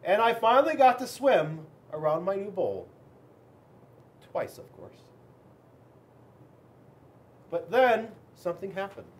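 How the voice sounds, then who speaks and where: A man, a police officer, reading a children's storybook aloud in an expressive, dramatic way with big swings in loudness. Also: sits high, moderate pace, hardly any pauses, a little hiss or hum.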